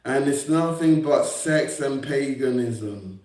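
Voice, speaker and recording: A man's voice: mid-range voice, slow, a little mellow. A young man on a livestream, rambling and confrontational, repeating himself and swearing at his critics. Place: indoor room on a livestream. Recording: echoey room.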